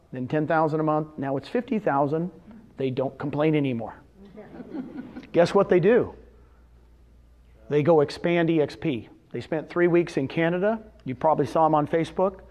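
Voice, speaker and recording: A man giving a motivational seminar talk in front of a live audience, animated, asking the audience questions and answering them himself. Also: a little high, lo-fi sound. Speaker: presenter at a real estate seminar.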